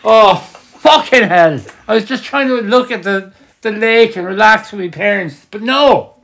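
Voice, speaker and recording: An Irish man voicing a frantic, high-strung, exasperated man with shrill, panicky complaints. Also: moderate pace, creaky, a bit bright, a little hiss or hum.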